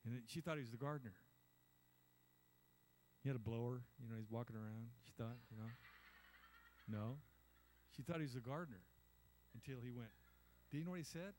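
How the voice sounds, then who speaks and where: A man's voice: medium pitch, fairly quick, pauses often, a little mellow, a little hiss or hum. An older man preaching a conversational sermon, acting out little voices and asking the congregation "amen?". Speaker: pastor.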